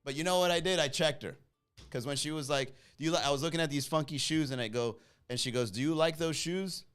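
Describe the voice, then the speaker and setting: A man hosting a comedy podcast, telling a story in a casual, animated way, acting out the people in it and laughing at his own jokes. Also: fast talker, clear, resonant tone, soft background music. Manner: animated, acts out quoted voices with big pitch jumps.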